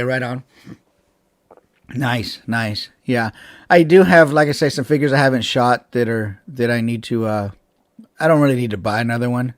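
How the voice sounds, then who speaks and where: A man's voice: medium pitch, no room sound, studio quality. A man hosting a casual live stream from home over a webcam, rambling with fillers and restarts and laughing often. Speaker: channel host chatting with live viewers.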